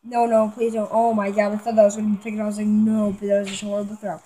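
A woman giving excitable live commentary on a football video game, talking to her viewers and yelling at big plays. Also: medium pitch, fast talker, rough recording. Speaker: gamer.

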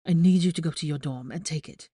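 A woman reading a frantic teenage boy wizard who pleads in an urgent, hushed voice. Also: low-pitched, fast talker, husky, no room sound, studio quality.

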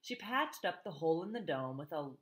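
A woman's voice: low voice, big pitch swings, fairly quick. A woman reading a novel aloud, stopping for chatty asides to her listeners. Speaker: reader.

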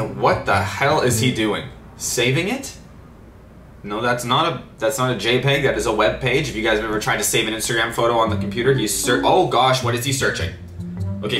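A young man giving live, excitable reaction commentary as a vlogger, panicking and laughing at what he watches. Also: on the high side, roomy sound. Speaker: YouTuber.

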